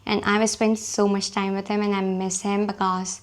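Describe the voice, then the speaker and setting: A woman vlogging casually about her books, her voice hoarse from a cold, chatty and self-deprecating. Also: medium pitch, flat delivery, normal speed. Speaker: book vlogger.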